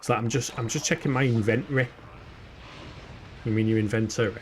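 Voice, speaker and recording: A man's voice: mid-range voice, fairly even intonation, rapid-fire, slight background noise. Chatty Yorkshire man streaming a game. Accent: Yorkshire English. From England. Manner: chatty, laughs often, swears, answers chat aloud. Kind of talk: casual live-stream chat while gaming.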